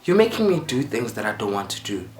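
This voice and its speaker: A man voicing a demanding, menacing boyfriend in a low, insistent tone. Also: big pitch swings, fast talker. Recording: roomy echo, faint music.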